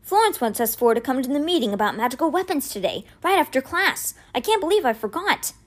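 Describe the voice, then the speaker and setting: A woman voicing an eager, cocky young boy who talks in a raised, excited voice. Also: high-pitched, fairly quick, pitched above the performer's own voice.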